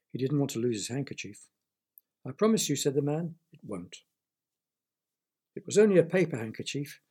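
A man's voice: medium pitch, creaky, warm tone, breathy edge. A man reading a children's story aloud, with playful asides to the listener.

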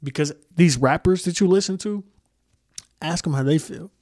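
A man's voice: on the high side, normal speed, a little mellow, no room sound, clean studio sound. A young man hosting a solo podcast, talking casually in a heated, profane, rambling way with many restarts. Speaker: podcast host.

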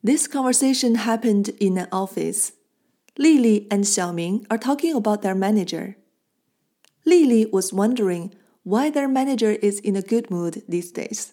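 Woman, language teacher, mellow warm tone, patient clear explaining, scripted lesson. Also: mid-range voice, animated. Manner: clear, patient explaining with slow model phrases.

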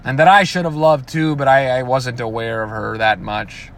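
A man's voice: medium pitch, steady tone, normal speed, a bit bright. A man ranting casually and profanely, often breaking into mocking imitations of other people. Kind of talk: casual rant.

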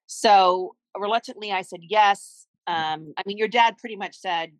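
A woman's voice: medium pitch, a little slow, no room sound, rough recording. A middle-aged woman, a mother appearing as a podcast guest, recounting a family story in earnest, heartfelt conversation.

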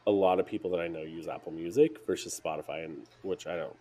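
A man's voice: deep voice, fast, warm tone, a little hiss or hum. A man co-hosting a casual chat podcast, blunt and given to exasperated ranting with heavy swearing. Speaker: podcast co-host.

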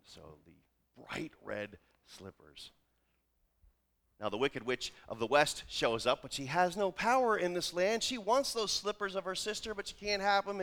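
A man's voice: fairly high pitch, fairly bright tone. A male pastor preaching a sermon, retelling a familiar film story with wry humorous asides.

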